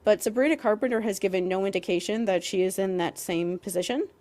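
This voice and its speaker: A fast-talking young woman with a mid-range, darkish voice co-hosts a podcast. Heated and emphatic, she rants with heavy use of "like" and a bit of swearing.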